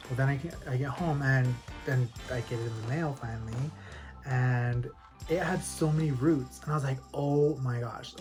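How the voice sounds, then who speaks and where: A man talking casually at home as a plant-collector vlogger, rambling and animated, with frequent laughs. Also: mid-range voice. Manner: rambling and animated, laughs often, lots of fillers. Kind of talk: casual chatty storytelling. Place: at home with houseplants.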